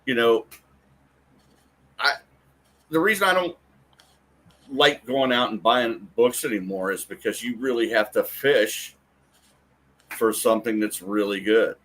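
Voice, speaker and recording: A man who is a guest on a casual comics talk stream, speaking in a mild, measured way. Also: medium pitch, fairly bright tone. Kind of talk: casual chat.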